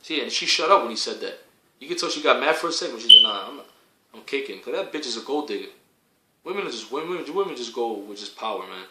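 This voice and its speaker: A man delivering a heated, profane preaching rant, repeating himself and rising to shouts. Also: mid-range voice, lively intonation, fast talker, echoey room, noisy background.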